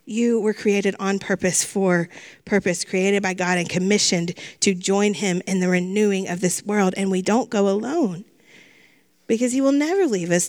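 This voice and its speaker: A woman's voice: medium pitch, normal speed, a little mellow. A middle-aged woman pastor giving a sermon in an earnest way, repeating phrases for emphasis.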